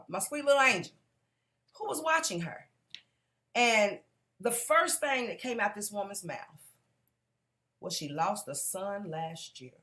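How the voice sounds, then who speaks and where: Woman, lowish voice, earnest testimony that speaks straight to the crowd. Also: pushed and bright. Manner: earnest, direct, keeps calling out to the audience. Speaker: conference speaker giving a testimony. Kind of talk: personal testimony to a live audience.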